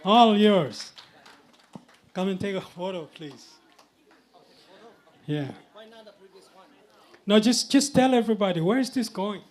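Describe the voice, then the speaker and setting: A man with a high voice calls bids at a live charity auction and speaks slowly, drawing out each number. He teases the bidders in a jovial way while speaking into a handheld microphone.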